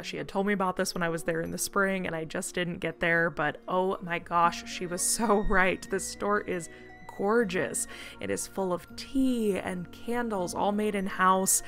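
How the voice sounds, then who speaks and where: Gushing woman travel vlogger, lowish voice. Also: normal speed, a bit bright, soft background music. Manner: upbeat and gushing. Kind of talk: scripted travel vlog voice-over.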